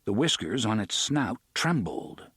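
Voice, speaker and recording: A man narrating an audiobook in a steady, measured reading. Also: on the low side, slightly rough, no echo, studio quality.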